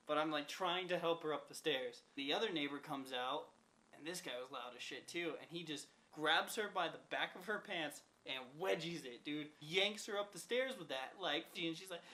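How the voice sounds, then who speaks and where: A young man with a fairly high voice rambling through a casual storytime vlog. He swears freely and leans on "like" constantly, with a loose, offhand delivery. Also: normal speed, sharp tone, rough recording. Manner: profane, rambling, lots of "like" fillers. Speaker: vlogger.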